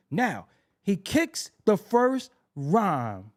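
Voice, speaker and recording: A man hosting a podcast, telling music history stories in a casual, animated way and repeating himself for emphasis. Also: high voice, a little slow. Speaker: podcast host.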